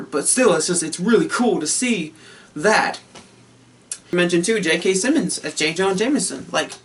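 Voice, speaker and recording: Excited, profane man reviewing a film. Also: high-pitched, far from the mic. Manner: excited, profane, laughing often.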